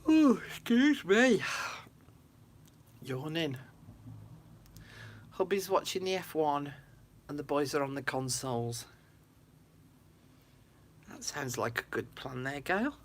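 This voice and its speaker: A woman's voice: deep voice, measured pace, pauses often, a little hiss or hum. A woman chatting casually to viewers on a craft livestream from her room at home. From United Kingdom. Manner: chatty, talks to viewers, frequent laughs.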